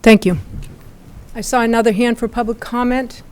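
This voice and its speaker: A woman chairing a town board meeting, brisk and procedural as she moves through the agenda. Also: fairly high pitch, fairly even intonation, a little mellow.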